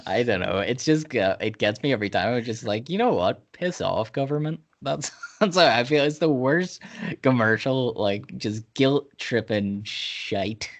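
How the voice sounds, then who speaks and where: A man's voice: medium pitch, a little slow. A man hosting a music podcast in loose, laughing casual chat, swearing freely. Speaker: podcast host.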